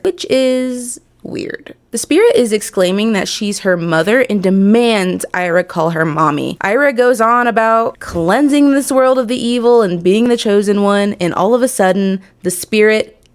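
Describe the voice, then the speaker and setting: A woman hosting a casual anime recap, chatty and gushing about the story. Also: medium pitch. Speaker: anime video host.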